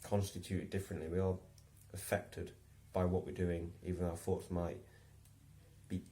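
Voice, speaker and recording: A man's voice: deep voice, little pitch movement, normal speed, mellow. A young man casually telling a story in a rambling way, with many restarts and chuckles, then musing reflectively. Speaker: vlogger.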